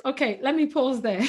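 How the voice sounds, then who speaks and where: Animated woman guest on a video call. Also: high-pitched. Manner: animated, acts out quoted voices. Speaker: guest speaker on parenting. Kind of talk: webinar talk.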